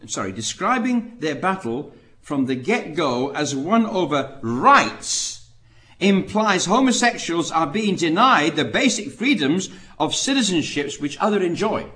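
A man delivers a preaching talk in a fairly high voice that rises and falls widely. He tells stories dramatically and fires off rhetorical questions. He moves between loud, emphatic points and quiet asides.

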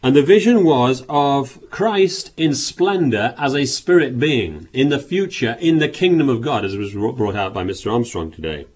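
A man's voice: mid-range voice, expressive, moderate pace, hardly any pauses, darkish tone. A man preaching a sermon, reading scripture aloud and pressing his points with rhetorical questions and repeated words.

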